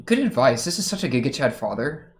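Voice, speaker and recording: A man's voice: medium pitch, big pitch swings, brisk. Chatty young man reacting to anime. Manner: chatty, laughs often, rambling asides. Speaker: reaction streamer. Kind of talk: casual anime reaction commentary.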